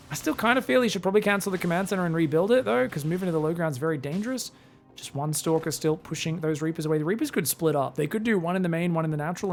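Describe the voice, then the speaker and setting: Solo esports caster, young male, slightly high, gravelly; casual chatter, faint music under. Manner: casual, chatty, bursts into loud excited yelling. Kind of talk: solo play-by-play game commentary.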